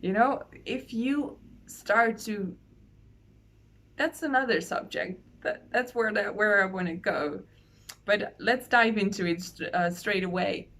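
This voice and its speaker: A woman coaching her online audience, unhurried and earnest. She talks gently, with long pauses, at a middle pitch. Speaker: soul coach. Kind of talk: slow heartfelt online talk.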